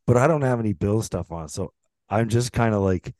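A man's voice: fairly low pitch, normal speed, darkish tone, no room sound. A man on a podcast casually telling a rambling anecdote, restarting his sentences and chuckling as he goes. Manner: rambling, self-interrupting storyteller who chuckles often.

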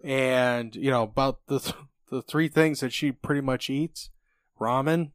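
A man's voice: medium pitch, a little slow, no room sound. Laid-back middle-aged co-host guy rambling, dry close sound. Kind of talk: casual sports talk chat.

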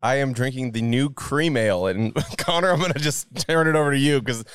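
A man's voice: mid-range voice, brisk, fairly bright tone, clean tone, no echo, studio quality. A man co-hosting a podcast, teasing his friends in casual chat at a brewery taproom. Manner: teasing, laughs often. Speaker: podcast co-host.

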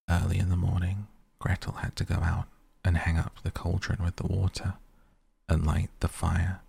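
A man reading a fairy tale aloud in a soft bedtime storytelling voice, at times half-whispered. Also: flat delivery, normal speed. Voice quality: gravelly, breathy low voice. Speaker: sleep podcast reader. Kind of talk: softly spoken bedtime storytelling.

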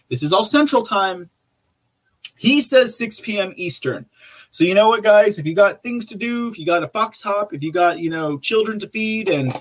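A man's voice: fairly high pitch, fairly bright tone. A man hosting a podcast, talking casually and rambling to his listeners, with chuckles between remarks. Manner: rambling, chatty, addresses listeners directly. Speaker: podcast host. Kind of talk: casual live-stream commentary.

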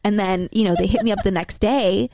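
A woman's voice: medium pitch, fairly even intonation, fairly quick, vocal fry, darkish tone, dry recording. A young adult woman co-hosting a podcast in casual chat, blunt and profane, acting out her own replies with energy. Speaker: podcast co-host.

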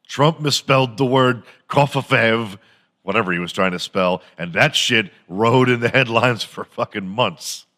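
Bright-voiced man ranting crudely. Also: mid-range voice, a little slow. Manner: crude, swears freely, mocking; jumps into silly impressions. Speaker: podcast host. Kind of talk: comedic solo rant.

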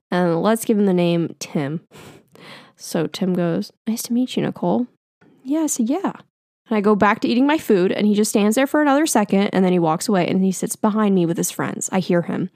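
A woman's voice: mid-range voice, gravelly, dry recording, clean studio sound. A woman in her twenties telling a story casually on her podcast, chatty and full of "like" fillers. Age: 20s. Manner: chatty, animated, frequent "like" fillers. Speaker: podcast host.

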